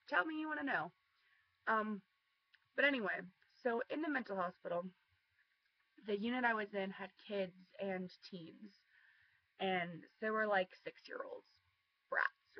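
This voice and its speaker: A woman's voice: medium pitch, lo-fi sound. A teenage girl telling a personal story in a casual, chatty way, full of ums and likes. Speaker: vlogger.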